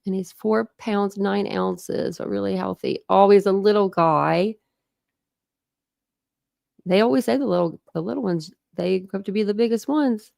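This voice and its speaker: A woman's voice: medium pitch, gravelly, warm tone, no room sound, clean studio sound. A woman hosting a casual true crime livestream, chatting, greeting viewers and laughing often from her home. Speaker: true crime channel host.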